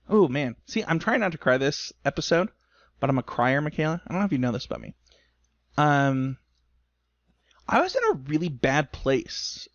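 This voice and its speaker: A man's voice: mid-range voice, dry recording, muffled recording. A rambling, emotional podcast man. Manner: rambling, self-deprecating, emotional. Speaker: podcast co-host. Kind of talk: casual podcast chat. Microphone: remote call recording.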